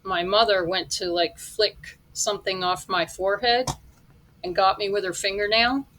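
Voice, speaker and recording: A woman's voice: medium pitch, steady tone, normal speed, a bit bright. A middle-aged woman giving blunt, scornful commentary as she reacts to a vlog. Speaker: reaction vlogger.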